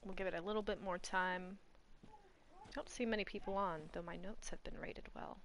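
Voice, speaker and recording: A woman streaming a video game in casual commentary, chatting and scolding her cat in exasperated, animated bursts that drop to soft murmurs, swearing now and then. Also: medium pitch, moderate pace, slight background noise.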